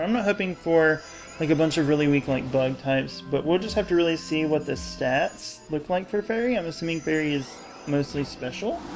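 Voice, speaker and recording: A young man hosting a gaming channel, rambling in casual commentary over gameplay and often losing his train of thought. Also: on the high side.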